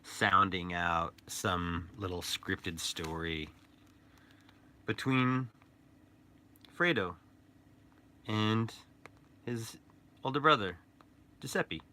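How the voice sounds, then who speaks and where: A man rambles playfully in a casual vlog, his slightly low voice carrying a bright, forceful edge. A faint room hum sits behind him. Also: very slow, long pauses. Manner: rambling, playful, joking aside. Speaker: toy artist and painter.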